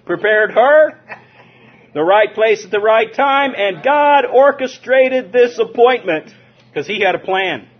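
A man from Southern California preaching a lively sermon, drawing call-and-response from his listeners and chuckling between points. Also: sits high, takes it slowly. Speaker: pastor. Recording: dull lo-fi sermon recording.

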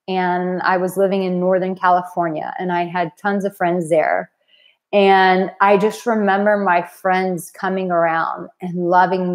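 Woman dating coach, 30s to 40s, earnest livestream host, heartfelt delivery. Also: on the low side. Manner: earnest, heartfelt, emotional at times. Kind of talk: live stream talk to viewers.

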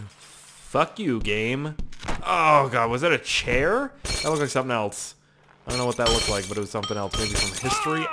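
Excitable, swearing young gaming host. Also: male voice, medium pitch, fairly quick, noisy background. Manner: excitable, swears a lot, hums little tunes. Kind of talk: let's play commentary.

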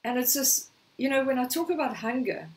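High-voiced woman preaching, a little hoarse. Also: animated, a little fast, far from the mic, poor audio. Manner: storytelling, acting out quoted lines. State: slightly hoarse, clearing throat. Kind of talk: sermon.

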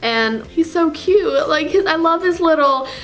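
A woman's voice: high voice, lively intonation, a little slow, fairly bright tone, faint music behind, pitched above the performer's own voice, full character voice, poor audio. A woman playing a giddy, clueless fangirl. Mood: gushing. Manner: giddy, rambling, gasping fangirl talk. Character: gushing, clueless teenage girl fake fan. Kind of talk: comedy sketch character.

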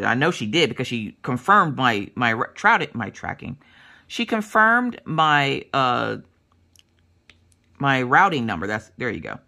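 A woman's voice: extremely low pitch, unhurried. A woman in her thirties telling a long story in a casual, chatty way as a craft vlogger. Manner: animated, chatty, acts out voices of others in her stories.

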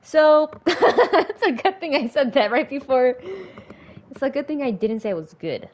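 Her voice sits high and a little slow as she provides casual commentary on a game she's livestreaming. Excitable, she curses frequently and bursts into laughs and panic, with a little hiss or hum in the audio.

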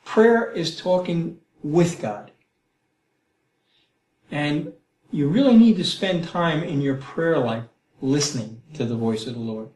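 A middle-aged man teaching the Bible in a conversational way, animated and acting out prayers, often checking in with "Okay?" and "Right?". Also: a little high, takes it slowly, pauses often. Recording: roomy echo.

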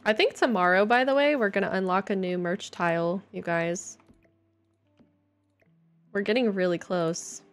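A playful woman chats to her stream audience while she builds in a game. Her voice sits in an ordinary middle pitch. Light game music plays quietly behind her. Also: moderate pace, long pauses. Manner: playful, chatty, reacting to viewers. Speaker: livestreamer. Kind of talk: casual live-stream chat while playing. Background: faint game music.

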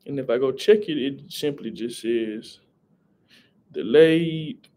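A man's voice: mid-range voice, slow, dark tone. Young man chatting on a live stream. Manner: rambling, talks to chat, greets viewers. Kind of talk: casual live-stream chat. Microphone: headset.

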